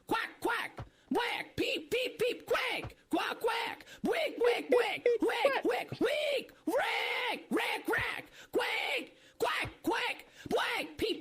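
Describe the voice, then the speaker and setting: This is a flock of ducks and birds. The calls are piercingly high, with wild leaps up and down, drawn out slowly. Some come as shouts. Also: male voice, heavily acted. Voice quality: shrill falsetto squawks. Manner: quacking and peeping in rhythm.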